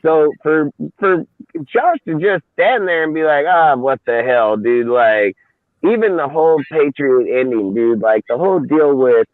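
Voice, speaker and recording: A man's voice: medium pitch, dry recording. A man in casual sports chat, talking in a heated, profane, rambling way. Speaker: co-host. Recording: dry tinny phone-like line.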